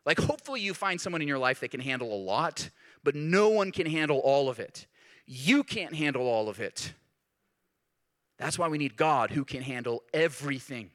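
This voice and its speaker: A man preaching a sermon as pastor, talking in a lively, conversational way and acting out the voices he quotes. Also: on the high side, moderate pace.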